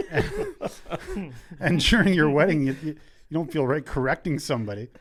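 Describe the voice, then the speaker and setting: A man's voice: on the high side, wildly swooping pitch, a little slow. A Canadian man hosting a casual roundtable, telling a wedding story with a wry tone and frequent laughter. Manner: wry, laughs mid-sentence. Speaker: podcast host. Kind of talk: casual storytelling among friends.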